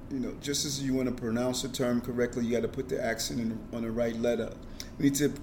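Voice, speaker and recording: A middle-aged man speaks earnestly as an interview guest, often repeating a word as he gets a sentence going. His pitch sits at an ordinary level for a man. A faint hiss runs under the recording. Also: darkish tone. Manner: earnest, repeats words when starting sentences. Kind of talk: casual conversation.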